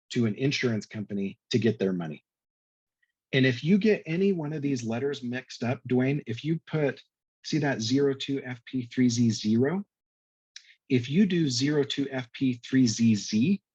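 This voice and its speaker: A man's voice: medium pitch, a little mellow, slightly rough, no echo. Man, medtech panelist, conversational explainer, video call, dull lo-fi audio. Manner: explains step by step, spelling out billing codes.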